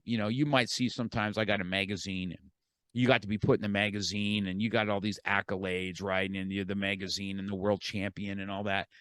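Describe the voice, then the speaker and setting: A middle-aged man with a lowish voice tells a personal story as a podcast guest, quoting himself and others and repeating words as he goes. The sound is close and dry, with almost no room around it. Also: a bit bright, no echo.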